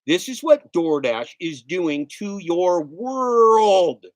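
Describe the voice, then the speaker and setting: A man's voice: sits high, big pitch swings, slow pace, no room sound. A middle-aged man ranting in a casual livestream, emphatic and sarcastic, repeating his points. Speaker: gig delivery driver streamer.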